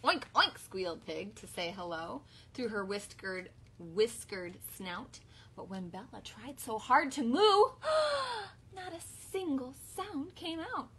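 A woman in her thirties, a kindergarten teacher and mother, reading a picture book aloud to her class while firmly keeping her children quiet. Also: a little high, slow, slight background noise. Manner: animated read-aloud, firm with her children.

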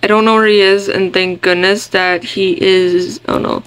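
A young woman giving casual commentary on her game, chatty and quick to get startled, talking to her viewers. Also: mid-range voice, fairly even intonation, fairly bright tone, smooth. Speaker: gaming vlogger.

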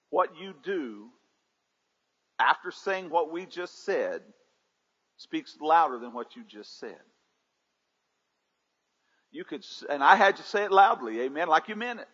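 Heard through dull livestream sound that echoes around the sanctuary, a male preacher with a high, fairly bright, husky voice delivers a sermon. He prompts the congregation to call back to him as his intensity swells and subsides.

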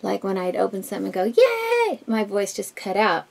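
A woman vlogger with a husky, smoky voice, chatting candidly at home while doing her makeup, rambling with many fillers and restarts. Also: medium pitch, little pitch movement, fast talker. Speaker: beauty vlogger. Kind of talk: casual get-ready-with-me chat.

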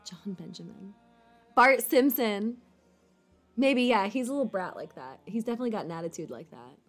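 A woman's voice: medium pitch, expressive, normal speed, soft background music. A woman streamer chatting casually with viewers, rambling with lots of "like" and casual swearing. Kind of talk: casual chat.

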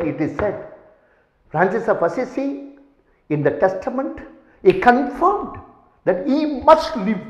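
A man's voice: a little high, a little mellow. A man with an Indian English accent giving a retreat sermon, emphatic and repetitive, often asking himself rhetorical questions. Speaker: retreat preacher. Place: retreat hall. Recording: echoey hall, dull lo-fi sound.

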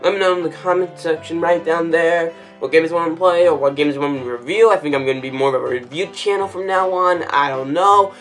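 A young man giving a casual movie review, excitable and ranting, with frequent stumbling restarts. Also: a little high, a little fast, hardly any pauses, faint music behind. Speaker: YouTube reviewer.

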